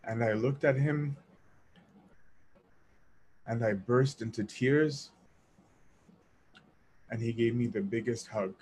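A man in a mid-range voice recounts a personal spiritual episode in relaxed, conversational storytelling. He speaks earnestly, stops to restart his sentences and pokes fun at himself now and then. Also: medium pitch, slight background noise. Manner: earnest, self-deprecating, quick asides and restarts. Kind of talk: casual storytelling.

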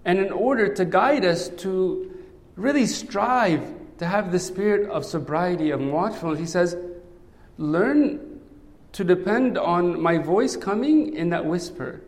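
A man's voice: sits high, animated, measured pace. A man preaching a sermon in a conversational way, often checking in with "right?". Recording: long hall reverb.

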